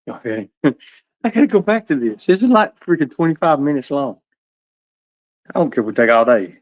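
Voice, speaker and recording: A man's voice: fairly high pitch, no room sound. A middle-aged man giving casual reaction commentary, rambling, laughing often and swearing. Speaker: streamer reacting to a video. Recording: dull, dry sound.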